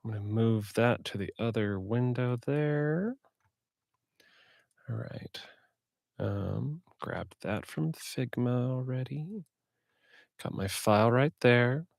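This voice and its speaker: At his home recording setup, a streamer who also narrates audiobooks rambles casually to himself while setting up software for a live stream. His medium-pitched voice is gravelly and slightly scratchy, and he takes it slowly with long pauses. The recording is dry and studio quality.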